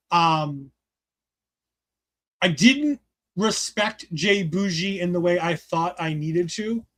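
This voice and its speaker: A man co-hosting a casual show review, excited and rambling, swearing freely and filling his talk with "like". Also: sits high. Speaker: podcast co-host reviewing a wrestling show.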